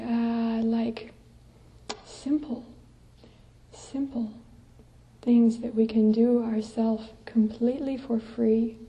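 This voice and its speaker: A woman, a Buddhist nun, giving a dharma talk to a meditation group, gentle and unhurried, sometimes sinking to soft breathy asides. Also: fairly high pitch, highs cut off.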